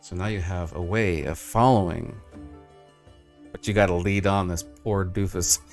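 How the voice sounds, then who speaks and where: A man's voice: sits low, fairly even intonation, moderate pace, soft background music. A man narrating as game master of a tabletop role-playing game, casual and full of fillers.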